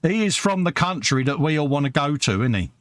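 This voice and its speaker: A man's voice: a little high, sing-song, fairly quick, slight background noise. A British man co-hosting a casual live stream from his hobby workbench, chatting and reading viewer comments aloud, calling everyone mate. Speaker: live show co-host.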